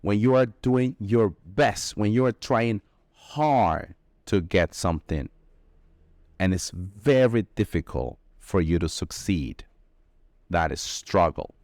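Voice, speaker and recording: Male English teacher, lowish voice, dry close sound, emphatic delivery. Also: lively intonation, a little mellow, dry recording. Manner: slow, emphatic explaining with drawn-out key words. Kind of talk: vocabulary lesson.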